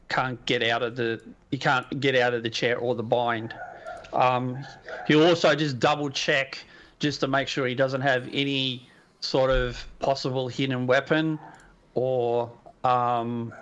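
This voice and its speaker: A man's voice: medium pitch, a bit bright. A man playing a paladin in a tabletop game, rambling and searching for words with many fillers. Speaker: player. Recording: dull lo-fi sound.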